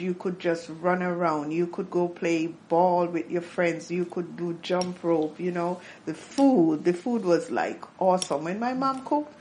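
Jamaican lady in her middle years chatting in an interview, fond and rambly, bit low pitched, faint hum behind. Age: middle-aged. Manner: warm and nostalgic, lots of fillers and restarts. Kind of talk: casual reminiscing.

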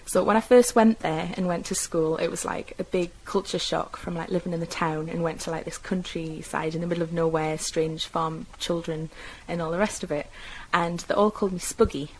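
A woman's voice: fairly low pitch, fairly even intonation, normal speed, few pauses, a little hiss or hum, poor audio. A young woman with a mild Geordie accent from North East England, chatting casually about her own upbringing and speech, with many fillers and self-corrections. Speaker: interviewee describing her own dialect. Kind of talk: casual personal recollection.

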